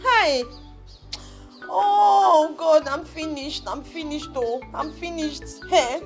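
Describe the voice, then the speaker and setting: A woman's voice: very high-pitched, lively intonation, normal speed, fairly bright tone, soft background music. An actress with a Nigerian accent playing a young woman in a film drama who wails and pleads with her father. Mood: distraught. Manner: wailing, pleading. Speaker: grieving daughter. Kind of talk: Nollywood film acting.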